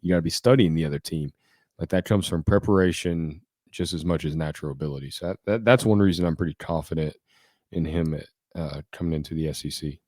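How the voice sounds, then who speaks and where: Sports podcast co-host, man, low register, assured and methodical, dry mic. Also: quick pace, a little mellow, dry recording. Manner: confident, argues point by point. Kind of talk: casual sports talk.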